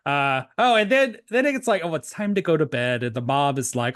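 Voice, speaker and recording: Lively, higher-voiced man from Tennessee. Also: a little slow, no echo, clean studio sound. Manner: animated, laughs often, acts out quotes. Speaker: podcast co-host. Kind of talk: casual chat recapping a TV episode.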